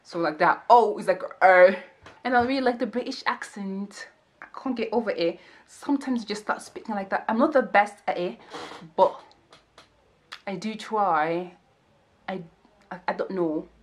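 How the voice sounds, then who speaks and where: A woman's voice: mid-range voice, normal speed. A young woman chatting casually and jokingly while she does her makeup for a vlog. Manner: chatty, jokey, playful voices and asides. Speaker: vlogger. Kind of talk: casual get-to-know-me chat while doing makeup.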